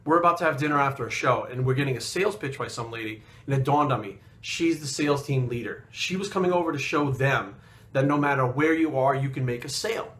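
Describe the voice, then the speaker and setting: A man's voice: medium pitch, fast talker, a bit bright. A man telling a story in casual talk, blunt and profane, getting heated as he goes. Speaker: fitness coach and bodybuilder.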